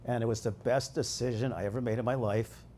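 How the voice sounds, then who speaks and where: A man's voice: mid-range voice, steady tone, quick pace, warm tone, slight background noise. An older man giving a rambling, emotional thank-you speech after receiving an award. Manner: rambling, emotional, laughing often. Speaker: award recipient. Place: event venue.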